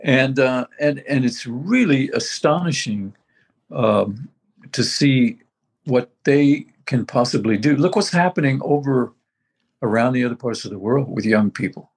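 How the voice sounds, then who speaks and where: A man's voice: mid-range voice, measured pace, breathy edge. An older man talking casually as a veteran musician, rambling and reminiscing with many restarts. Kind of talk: casual conversation.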